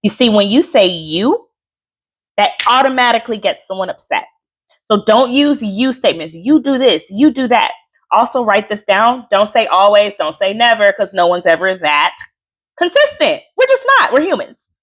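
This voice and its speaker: Animated woman coaching with lively swings. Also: mid-range voice, moderate pace. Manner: lively, animated, chatty with asides and laughs. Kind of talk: live workshop teaching.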